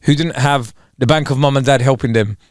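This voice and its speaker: A man's voice: mid-range voice, brisk, no room sound, studio quality. A young man, co-hosting a casual podcast chat and ranting with mocking asides. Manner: animated ranting, mocking voices in quotes. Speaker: podcast co-host.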